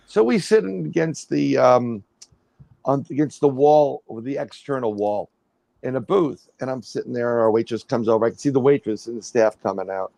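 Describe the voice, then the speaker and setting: Middle-aged male guest, gravelly tone, tells an animated, rambling anecdote. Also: medium pitch, no room sound. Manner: rambling, animated storytelling with restarts and acted-out quotes. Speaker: guest, paranormal researcher. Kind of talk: casual storytelling on a livestream.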